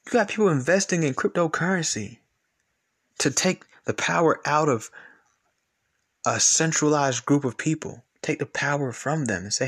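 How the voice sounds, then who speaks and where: A man's voice: mid-range voice, expressive, normal speed. A man hosting a podcast, ranting in a blunt, profane, repetitive and argumentative way. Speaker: podcast host. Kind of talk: casual podcast rant.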